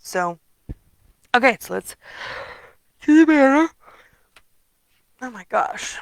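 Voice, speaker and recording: A woman's voice: sits high, animated, takes it slowly, gravelly, no room sound, rough recording. A middle-aged woman chatting casually through a craft tutorial, tired and rambling with many ums. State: tired, yawning. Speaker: papercraft demonstrator.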